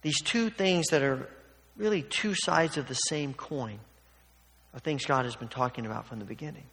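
A man's voice: mid-range voice, moderate pace, fairly bright tone. Man preaching a sermon in a reverberant hall. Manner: conversational, emphatic, acts out quotes. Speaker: pastor.

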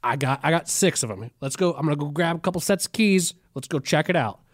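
A man voicing a pushy truck salesman at a dealership, in eager, hurried sales patter during a casual joking chat. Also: fairly high pitch, lively intonation, dry recording, clean studio sound.

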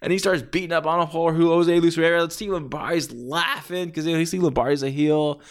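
A man talking casually and at length as a wrestling fan, rambling and acting out quoted lines in a raised, shouty voice. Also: on the high side, fairly even intonation, a little fast. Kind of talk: casual podcast-style monologue.

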